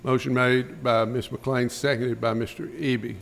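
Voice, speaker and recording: A man chairing a school board meeting, running through motions and votes in a brisk, routine manner. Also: medium pitch, flat delivery, creaky, fairly bright tone, slight background noise. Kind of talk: formal meeting procedure.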